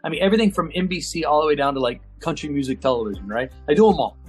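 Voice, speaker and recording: A man's voice: a little high, breathy edge, faint music behind. A man, an auctioneer and TV personality, telling a story in an interview and acting out the phone calls in quoted voices. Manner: acts out phone calls in quoted voices, lively and fast-paced.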